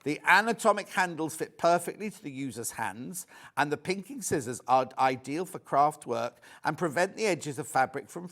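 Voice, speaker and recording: A man's voice: a little high, a bit bright. Chatty man selling on live TV. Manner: chatty, rambling, joking asides. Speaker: shopping channel presenter. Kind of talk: live TV sales presentation.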